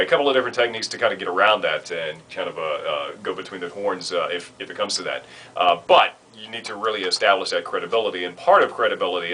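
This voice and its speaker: A man training new radio announcers, talking in a relaxed, conversational way with frequent fillers. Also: lowish voice, rough recording. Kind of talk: instructional talk.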